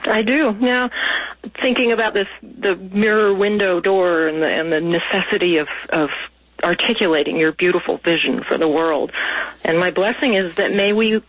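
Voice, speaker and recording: Husky-voiced female guest, earnest and heartfelt, dry dull radio sound. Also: lowish voice, normal speed, no room sound. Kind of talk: casual radio interview.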